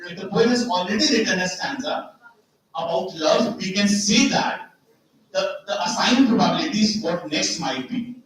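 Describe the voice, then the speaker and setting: A man's voice: high voice, fairly bright tone. Echoey man lecturing. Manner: explanatory, repeats key words, rhetorical questions. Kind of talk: seminar lecture with slides. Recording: very echoey hall, far from mic.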